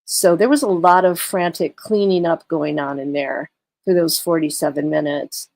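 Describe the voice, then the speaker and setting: A woman's voice: low-pitched, fairly even intonation, normal speed, creaky, a little mellow, no echo. A tired woman livestreaming in casual chat, talking through a case and greeting her viewers. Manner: chatty, greets viewers, many fillers. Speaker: true crime livestreamer.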